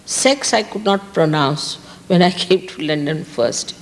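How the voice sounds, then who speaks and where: At an outdoor park gathering, a woman from India gives a spiritual talk to an audience as a teacher, stressing points by repeating key words. Her low voice has lively intonation and a measured pace, with a long reverb tail.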